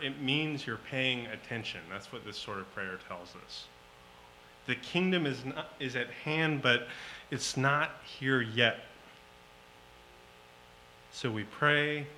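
A man preaching a sermon, slow and emphatic, rising to loud pleading at times. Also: medium pitch, slight background noise, poor audio.

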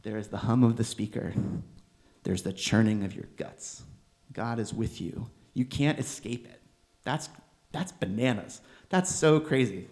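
Gentle conversational young male preacher. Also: lowish voice, measured pace. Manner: conversational, gentle, with bursts of exasperated emphasis. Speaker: preacher, seminary student. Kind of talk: sermon.

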